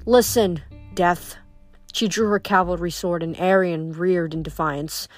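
A woman reading a novel aloud, steady with small slips. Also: fairly low pitch, moderate pace, soft background music. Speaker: reader. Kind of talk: audiobook reading.

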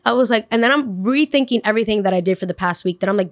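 A woman's voice: mid-range voice, rapid-fire, few pauses, dry recording, clean studio sound. A young woman telling a personal story in casual podcast storytelling, acting out what everyone said. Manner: animated, acts out quotes of others. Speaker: podcast host.

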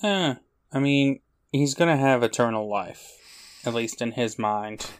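Male co-host, casual, mid-pitched voice, dry wry interjections. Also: unhurried. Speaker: podcast co-host. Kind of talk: casual chat.

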